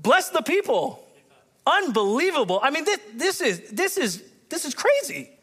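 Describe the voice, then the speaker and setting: A man preaching a sermon, reading scripture aloud and breaking off into excited commentary. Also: very high voice, normal speed, in a large hall. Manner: animated, excitable, acts out biblical characters with voice shifts. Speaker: pastor.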